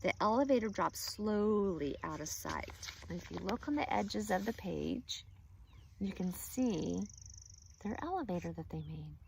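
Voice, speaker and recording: A woman teacher reading a children's chapter book aloud, expressive and engaging. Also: medium pitch, a little slow, creaky, slight background noise. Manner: expressive storyteller.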